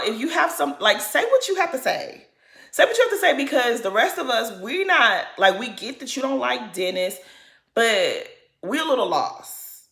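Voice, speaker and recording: A woman's voice: a little high, sharp tone. Blunt woman recapping, echoey room. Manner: blunt, opinionated, acts out quotes of the cast. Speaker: reality show recap commentator. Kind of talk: casual recap commentary.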